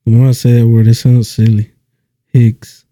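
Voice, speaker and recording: Podcast co-host, man, very dark mellow voice, jokey and laughing, dry close mic. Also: medium pitch, flat delivery, normal speed, dry recording. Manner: joking, laughs often, swears. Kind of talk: casual chat.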